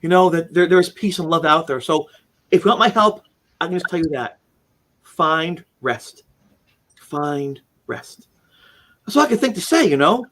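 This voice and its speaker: A man's voice: high voice, fast talker. A man telling a personal story as an interview guest, acting out quoted lines with sudden jumps in voice and frequent restarts. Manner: animated storyteller, acts out quotes, many restarts.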